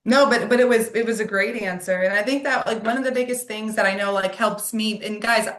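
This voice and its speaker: A woman's voice: mid-range voice, a little fast, a bit bright. Woman talking in an echoey room. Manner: conversational, many fillers, repeats words. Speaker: insurance agent co-host. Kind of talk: casual call discussion.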